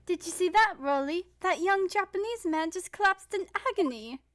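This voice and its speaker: A woman's voice: very high voice, animated, normal speed, a bit bright, no room sound, studio quality, voice pushed up. A woman voicing a gushing, doting wife with a breathless, adoring manner.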